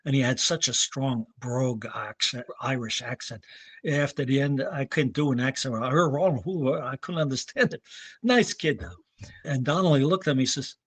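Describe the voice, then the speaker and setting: A man in his seventies from New York State, a veteran running coach telling rambling, anecdotal stories and clearing his throat now and then. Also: medium pitch, normal speed, fairly bright tone, no room sound. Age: 70s. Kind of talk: casual interview talk.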